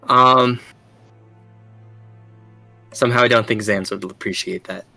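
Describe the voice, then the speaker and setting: Bright-voiced hesitant man playing a tabletop game. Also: mid-range voice, fairly even intonation, a little slow, creaky, dry recording, faint music behind. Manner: hesitant, full of "um" and "like" while deciding moves. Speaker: player. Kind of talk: casual tabletop play.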